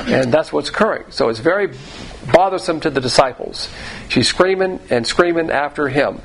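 A man's voice: medium pitch, gravelly, a little hiss or hum, poor audio. A man teaching the Bible verse by verse in a conversational way, repeating phrases and restarting sentences.

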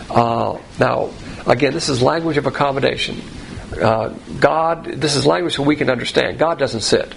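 A man giving an expository Bible sermon in a plain, conversational teaching tone, rising sharply in pitch to stress key points. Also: gravelly, fairly bright tone, slight background noise, rough recording.

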